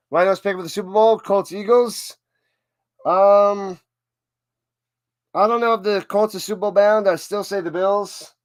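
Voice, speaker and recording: A man with a fairly high voice rambles through casual football chat on a live stream, often stopping and restarting his sentences. The sound is dry and close, with no room around it. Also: steady tone, measured pace, pauses often, dry recording. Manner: rambling, self-interrupting, chatty. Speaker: livestream host.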